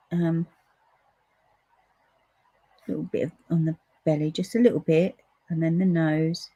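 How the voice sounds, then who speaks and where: Woman, craft demonstrator, unhurried and chatty, close dry sound. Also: low-pitched, mellow, slightly rough, no room sound. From United Kingdom. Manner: chatty, talks to viewers while colouring. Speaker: papercraft demonstrator. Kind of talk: casual live craft demonstration.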